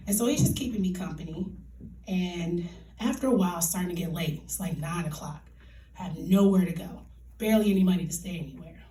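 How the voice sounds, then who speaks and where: A woman telling a comic true story live on a theater stage, animated and laughing, in colloquial speech. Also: fairly low pitch, a little fast, slight background noise. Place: theater stage before an audience. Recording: echoey theater, distant mic.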